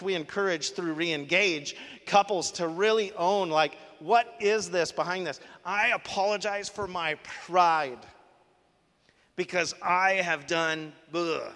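A man preaching a sermon to a congregation, animated and emphatic, asking rhetorical questions. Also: high voice, measured pace. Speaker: pastor. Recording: long reverb of a large hall.

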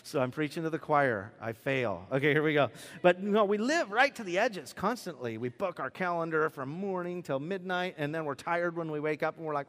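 Male pastor, chatty and joking, slightly raised pitch, echoing sanctuary. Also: lively intonation, fairly quick, a bit bright. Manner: conversational, joking, acts out quoted voices. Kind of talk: sermon. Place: church sanctuary. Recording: preached in a large reverberant hall.

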